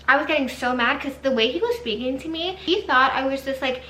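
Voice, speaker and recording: A woman's voice: sits high, brisk, hardly any pauses, echoey room, slight background noise. A young woman telling a storytime vlog in a casual, exasperated way, full of "like"s. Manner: animated and exasperated, many "like"s. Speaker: vlogger.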